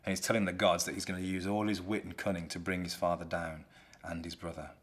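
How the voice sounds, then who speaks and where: A man with a very low voice retells a classic play in a relaxed, chatty way. He talks like he is explaining the story to a friend. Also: fast. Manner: relaxed, conversational.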